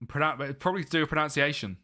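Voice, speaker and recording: Young british guy on a live game stream, bright voice, mutters and laughs a lot. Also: fairly high pitch, racing. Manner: chatty, muttering to himself, laughs often. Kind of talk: live gaming stream commentary.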